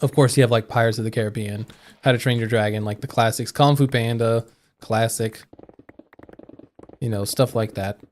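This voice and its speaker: A young man chats casually on a live stream, rambling through his thoughts with fillers and false starts. His voice sits at an ordinary middle pitch. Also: steady tone, moderate pace, pauses often, slight background noise. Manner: rambling, thinking aloud with fillers and restarts. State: hiccuping.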